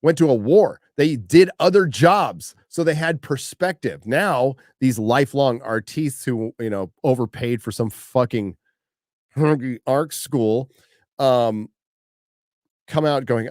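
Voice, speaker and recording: A middle-aged man hosting a livestream, working through viewer questions with blunt, profane, no-nonsense answers. He tends to say a phrase and then repeat it for emphasis. His voice sits at an ordinary pitch and is close and dry on the mic. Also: slow, a little mellow, no echo. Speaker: host reading viewer questions. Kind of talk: casual profane livestream chat.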